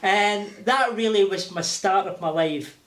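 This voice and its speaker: An older man with a Glaswegian accent, telling lively stories with laughter as an interview guest. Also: high-pitched, measured pace. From Scotland. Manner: animated, laughing, acting out voices. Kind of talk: casual storytelling. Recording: roomy echo.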